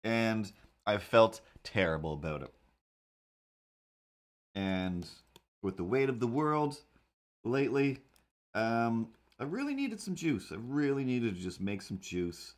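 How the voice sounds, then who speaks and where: A man's voice: fairly low pitch, animated, slow pace, long pauses. A man chatting casually while he draws, rambling in a wry, incredulous way. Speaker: cartoonist streamer. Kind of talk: casual chat while drawing.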